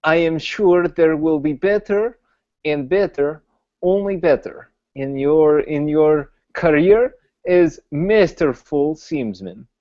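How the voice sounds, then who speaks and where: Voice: mid-range voice, slow pace, lo-fi sound. A player voicing a blunt foreign noble in broken English. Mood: grandly approving. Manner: broken English, drops articles. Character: proud foreign male noble, blunt, condescending.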